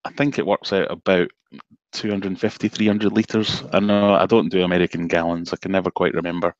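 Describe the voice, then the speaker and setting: A Scottish man with a low voice talks easily on a live stream from his home office, relaxed and a bit self-deprecating. The sound is dry and close, and the stream audio is slightly dull. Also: brisk, no room sound. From Scotland, south of Glasgow. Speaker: guest fishkeeper. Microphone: video call.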